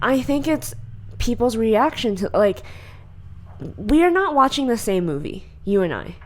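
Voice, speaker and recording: A woman co-hosting a podcast in casual chat, blunt and opinionated, telling stories in an animated way. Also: fairly high pitch, a little slow. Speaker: podcast co-host.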